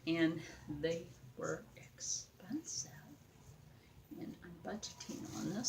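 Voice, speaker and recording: A woman's voice: medium pitch, a bit bright, a little hiss or hum, low-quality recording. A young woman chatting casually as she works on a craft project, rambling and talking to her viewers and to a doll. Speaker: craft vlogger.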